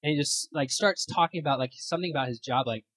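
A young adult leads a relaxed Bible study at a weekend retreat, with a slightly husky, breathy voice sitting at a middle pitch. The talk is loose and chatty, packed with fillers and little acted-out quotes. The sound is dry and close, with no room echo. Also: fast talker. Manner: chatty, many fillers, acts out quotes and laughs at own stories. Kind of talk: casual teaching talk.

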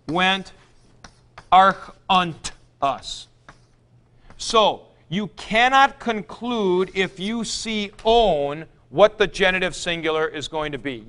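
A man with a fairly high, smooth and clear voice gives a classroom lecture. He speaks slowly and patiently, working through each point step by step and repeating forms aloud as he goes. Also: bright, forceful tone. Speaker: Greek teacher. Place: classroom with a board.

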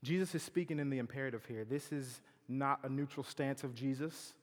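Campus preacher, a man, sermon delivery, loud emphatic quotes against soft asides, hall reverb. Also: medium pitch, brisk. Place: campus chapel.

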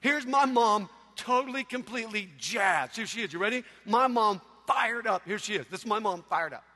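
A man preaching a sermon, telling stories in an animated way with sudden loud outbursts. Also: sits high, normal speed. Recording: echoey hall.

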